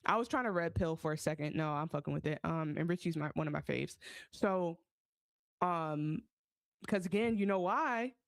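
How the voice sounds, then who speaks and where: A woman's voice: sits low, normal speed, dry recording. A woman co-hosting a podcast, chatting casually and animatedly about a TV season, often acting out the characters' lines. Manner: animated, acts out quoted lines in voices. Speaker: podcast co-host. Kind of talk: casual recap chat.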